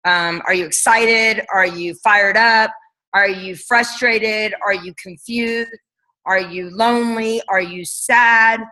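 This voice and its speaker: Bright-voiced woman leading a motivational call. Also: mid-range voice, slow pace, poor audio. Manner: energetic, rhetorical questions, casual fillers. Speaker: team leader on a leadership call. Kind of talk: motivational coaching talk.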